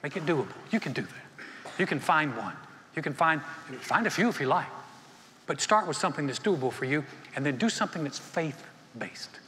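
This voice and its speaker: A senior pastor preaching a sermon in a folksy storytelling way, acting out little dialogues between churchgoers. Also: male voice, fairly high pitch, animated, normal speed, pushed and bright, slight background noise. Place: church auditorium. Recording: long hall reverb.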